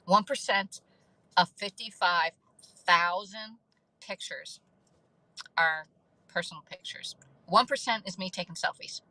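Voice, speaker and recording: A woman's voice: mid-range voice, unhurried, pauses often, bright, forceful tone, no room sound, poor audio. A middle-aged woman hosting a casual livestream, chatting and thanking viewers by name between laughs. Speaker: livestream host.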